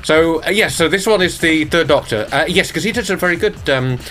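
A man's voice: on the high side, expressive, fairly quick, fairly bright tone, slight background noise. An Irish man in casual podcast chat, reading out the news in a distracted, self-mocking way, stumbling over names. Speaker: sound designer reading the news.

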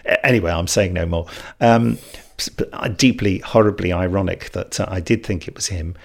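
A man's voice: sits low, a little fast, creaky. A middle-aged man with a wry, self-deprecating way of telling stories in casual chat.

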